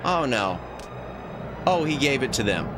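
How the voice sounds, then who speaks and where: A man streaming a game as a VTuber, chatting casually with viewers and reacting loudly to what happens on screen. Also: mid-range voice, very animated, measured pace. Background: game music.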